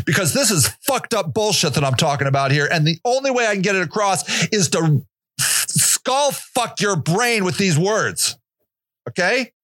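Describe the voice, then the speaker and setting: A man hosting a podcast, delivering an angry, profane monologue rant, often shouting. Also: sits high, no room sound, clean studio sound. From Northeast Ohio. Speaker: podcast host.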